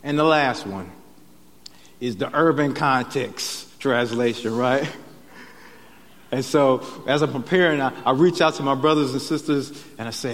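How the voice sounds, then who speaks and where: Preaching at a measured pace in a mid-range voice, a male pastor gives a chatty sermon in a church sanctuary, frequently tagging his lines with "right?". There's a long church reverb and a little hiss or hum on the recording.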